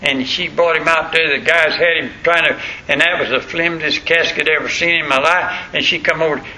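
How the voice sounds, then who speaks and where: Folksy older preacher, bright voice. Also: male voice, a little high, fairly even intonation, a little fast. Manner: folksy, rambling storytelling with colloquial grammar. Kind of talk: sermon. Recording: muffled lo-fi recording with faint noise.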